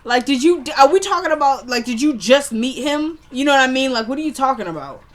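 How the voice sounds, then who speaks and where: A woman's voice: high-pitched, expressive, a little fast. A woman chatting casually as she recaps a TV episode, retelling scenes line by line with lots of "like" and "he goes.".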